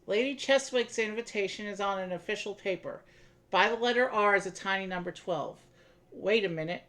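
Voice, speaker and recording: A woman's voice: mid-range voice, fairly quick, a bit bright. A woman playing along on a game stream, focused and practical. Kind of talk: casual game stream chat.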